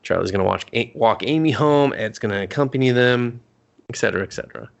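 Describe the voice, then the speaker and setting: A man with a gravelly, creaky voice sits at the mic and chats loosely about a film, cursing often. He slips into short, jokey impressions of the characters as he goes. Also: mid-range voice. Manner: profane, jokey, acts out characters in quick bits. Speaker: podcast co-host. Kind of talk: casual movie recap chat.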